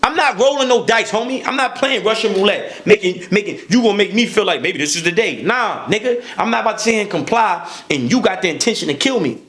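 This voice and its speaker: A podcast guest with a high voice tells a heated story quickly, with hardly any pauses. He's animated and swears freely, piling up repeated words as he gets worked up.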